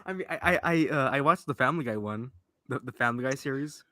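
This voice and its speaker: Young man, halting and hesitant. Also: mid-range voice, expressive, bright, forceful tone, no room sound, clean studio sound. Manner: halting, repeats words. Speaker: livestream guest. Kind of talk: casual chat.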